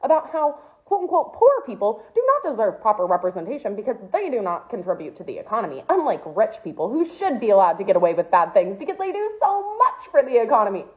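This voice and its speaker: Young woman ranting, exasperated and incredulous, bouncy highish voice, sounds like it's through a phone. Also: very animated, quick pace, few pauses, phone-quality sound. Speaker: comedic storyteller. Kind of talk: comedic rant to camera.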